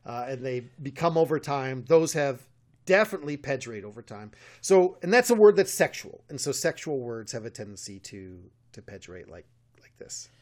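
A man's voice: medium pitch, expressive, moderate pace, darkish tone. An American man co-hosting a podcast, explaining at length with many fillers and restarts, chuckling often, recorded on a studio mic. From United States. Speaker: podcast co-host, medievalist. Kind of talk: casual podcast chat.

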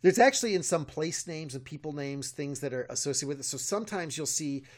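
An American medievalist co-hosts a podcast in a casual chat, his voice on the high side with lively intonation and a fairly quick pace. He explains things at length, with plenty of fillers and restarts and frequent chuckles, recorded on a studio mic.

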